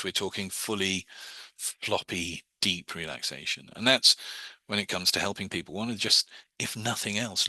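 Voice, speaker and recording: Bright-voiced man teaching hypnosis. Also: sits low, no room sound. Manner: quick, rambling, with many restarts and fillers; drops into soft, slow hypnotic patter for examples. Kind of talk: informal class lecture.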